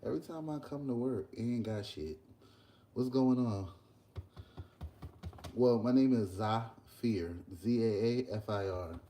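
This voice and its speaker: A young man, chatting casually in a vlog while cooking breakfast at work, telling an animated story. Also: medium pitch, unhurried, long pauses, slight background noise. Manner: animated ranting storyteller, loose and conversational. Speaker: vlogger and podcast host. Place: workplace kitchen.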